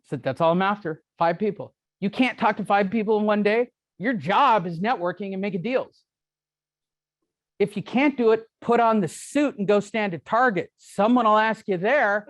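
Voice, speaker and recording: A man's voice: sits high, moderate pace, no echo, clean studio sound. A middle-aged man giving a live seminar talk to a room, brash, joking and self-deprecating. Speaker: real estate speaker. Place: meeting room with audience.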